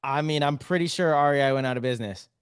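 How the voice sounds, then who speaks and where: A man co-hosting a podcast in casual chat, relaxed and joking, laughing often. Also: on the high side, racing, smooth, no echo, studio quality. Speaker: podcast co-host.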